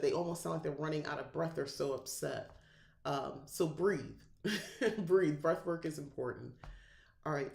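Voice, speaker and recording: A middle-aged woman hosting a podcast, teaching a calming ritual in a rambling, relaxed way and laughing often. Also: deep voice, vocal fry, roomy sound. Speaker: podcast host and spiritual guide. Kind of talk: casual livestream teaching.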